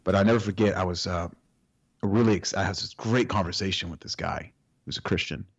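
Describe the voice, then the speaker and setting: Husky low-voiced man telling stories. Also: fairly even intonation, fairly quick, lo-fi sound. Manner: tells anecdotes and acts out other people in quotes. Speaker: co-host. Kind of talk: casual podcast conversation about the Bible.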